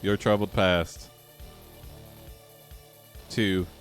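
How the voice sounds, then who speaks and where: A man's voice: sits low, fairly even intonation, extremely slow, clear, resonant tone, faint music behind. A man hosting a live AI storytelling stream, chatting casually and laughing often between story readings.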